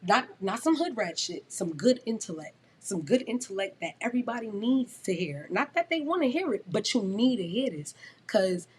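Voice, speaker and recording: A woman's voice: a little high, big pitch swings, fairly quick, hardly any pauses, slight background noise. A woman in her twenties talking in a casual podcast chat, blunt and emphatic, swearing freely. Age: 20s. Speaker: guest rapper.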